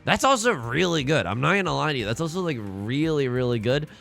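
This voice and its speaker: A man's voice: a little high, sing-song, fairly quick, creaky, fairly bright tone, soft background music. A man hosting a let's play, commentating his game in a playful, joking way and talking to himself with repeated phrases. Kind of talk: gameplay commentary.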